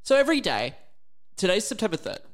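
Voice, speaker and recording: Lively playful man. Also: high-pitched, fast. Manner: playful, lively, laughing between lines. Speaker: podcast co-host. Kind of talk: casual chat.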